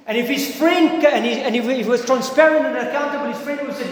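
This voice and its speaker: High-voiced South African preacher in echoey hall. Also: male voice, fast, hardly any pauses. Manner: earnest, emphatic, swings between loud stresses and quiet asides. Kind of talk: sermon. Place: church hall. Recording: echoey hall with long reverb.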